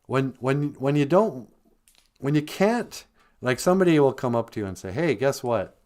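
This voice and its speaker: A man's voice: mid-range voice, lively intonation, moderate pace, darkish tone. A man hosting a casual podcast, musing aloud and repeating words so listeners can learn them. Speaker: podcast host. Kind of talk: casual podcast chat teaching language words.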